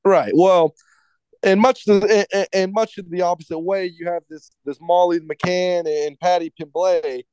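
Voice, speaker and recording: A man with a high, light voice rants through a casual podcast chat, swearing freely and tripping over restarts. The sound is dry and close, with no room around it. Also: steady tone, moderate pace, a little mellow, smooth, no room sound. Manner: profane ranting with stumbling restarts. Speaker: podcast co-host.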